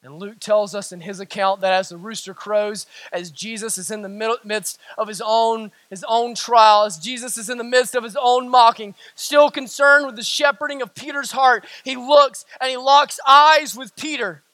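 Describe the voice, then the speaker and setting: A man with a Southern US accent preaching a sermon as a pastor, swinging from shouted lines to hushed, quiet ones. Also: very high voice, steady tone, normal speed, few pauses, no room sound. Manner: dramatic swings from shouting to hushed near-whispers.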